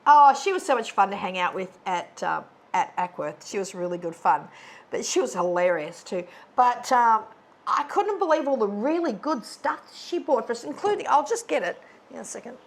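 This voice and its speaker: Chatty rambling woman, slightly high. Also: sing-song, normal speed. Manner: chatty, rambling, with frequent fillers and restarts. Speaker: co-host of a stitching video channel. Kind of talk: casual chat. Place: dark bedroom, sitting on a bed.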